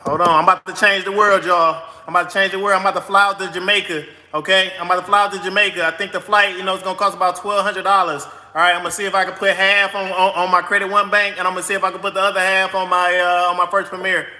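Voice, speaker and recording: A man doing a comic skit, excitedly filling out a credit card application, rushing and repeating himself over and over. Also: high-pitched. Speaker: host of a credit advice channel. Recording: echoey room with long reverb.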